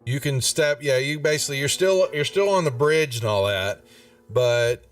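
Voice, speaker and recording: A man's voice: medium pitch, expressive, normal speed. A man narrating as game master in a laid-back, rambling way with many fillers. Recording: distant mic, faint music behind.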